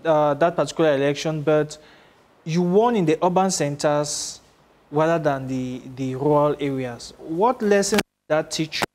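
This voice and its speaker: A man's voice: on the high side, moderate pace, darkish tone, slight background noise. A man interviewing a guest, asking formal, polite probing questions.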